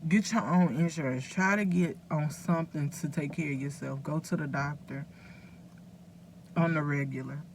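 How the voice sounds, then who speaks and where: Her voice is deep and her speed normal, with a touch of background noise. This woman vlogger chats directly to camera in a casual, earnest way, wandering a little as she hands out advice to viewers.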